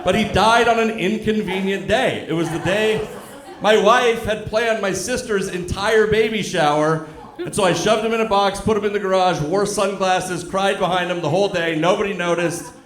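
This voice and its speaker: A male stand-up comedian telling a story on stage, dry and deadpan, acting out the other people in it. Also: sits high, normal speed, slight background noise. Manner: deadpan storytelling with acted-out quotes. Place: comedy club stage with live audience. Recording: echoey live club room.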